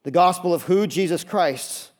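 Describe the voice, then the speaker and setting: A man preaching a sermon. He reads scripture aloud, prays in a hushed voice, then teaches with rising emphasis. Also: sits high, normal speed. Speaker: pastor.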